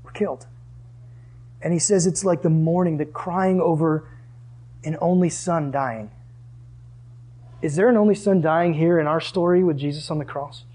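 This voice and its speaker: Husky voiced bible teacher, chatty and loose, asking the group stuff. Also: mid-range voice, warm tone. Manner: casual and conversational, asks the group questions.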